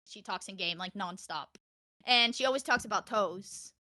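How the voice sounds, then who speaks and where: Animated bright-voiced young woman. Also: mid-range voice, normal speed, dry recording, clean studio sound. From Norway. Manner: animated, laughs often, acts out quotes. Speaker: streamer, podcast guest. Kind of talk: casual chat.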